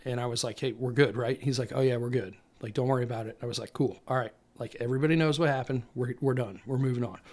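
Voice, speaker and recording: Man, young adult, military veteran, casual storytelling, rambling, candid, fillers, mid pitch. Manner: candid, rambling, many fillers and acted-out dialogue. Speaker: Marine infantry veteran guest.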